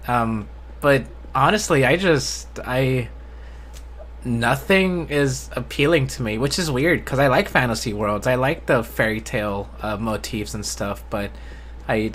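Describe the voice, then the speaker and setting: A man hosting a casual live-stream discussion, talking in a flat, unenthusiastic way and often restarting with repeated words. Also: a little hiss or hum. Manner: self-described monotone, low enthusiasm. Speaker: host.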